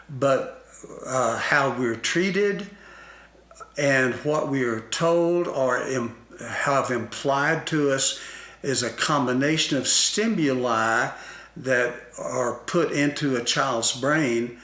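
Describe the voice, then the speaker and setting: A man explaining ideas about self-concept in a slow, deliberate talk-show conversation, with many fillers and restarts. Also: mid-range voice, a bit bright, reverberant. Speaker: guest expert on self-concept.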